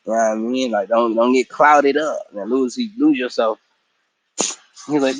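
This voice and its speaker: A man's voice: mid-range voice, moderate pace, low-quality recording. Guy recapping a cartoon episode, tired after work, cussing a lot and doing the characters' lines, mid-range voice. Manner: slangy, profane, acts out characters' lines mid-story. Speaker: show recap vlogger.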